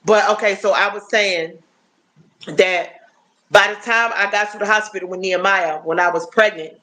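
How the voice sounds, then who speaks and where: A woman's voice: medium pitch, fairly even intonation, normal speed, bright, forceful tone. Chatty woman in her fifties livestreaming. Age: 50s. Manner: chatty and heartfelt, often asks "you know what I'm saying?". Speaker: livestream host. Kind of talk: casual livestream chat. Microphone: phone.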